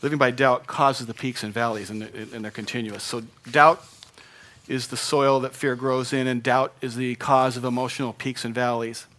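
Bright-voiced preaching man. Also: medium pitch, steady tone, normal speed. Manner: earnest, conversational preaching with bursts of emphasis. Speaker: pastor. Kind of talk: sermon.

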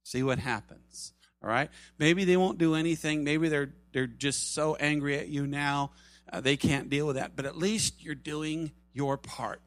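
A middle-aged man preaching a sermon, earnest, swinging from loud urging to soft, low asides. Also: no room sound. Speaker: pastor.

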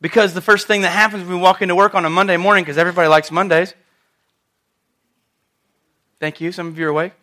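A man preaching a sermon, telling a story with lively asides and questions to the congregation. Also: high-pitched, fast talker, pauses often.

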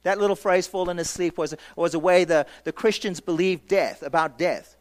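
High-voiced emphatic pastor. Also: male voice, moderate pace. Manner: emphatic, acts out congregation voices, rhetorical questions. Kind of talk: sermon.

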